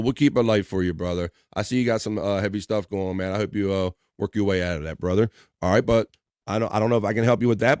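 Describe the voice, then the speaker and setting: A man's voice: fairly low pitch, darkish tone, smooth, no echo, studio quality. A man hosting a casual live stream, joking around and reading viewer comments aloud. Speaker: live show host.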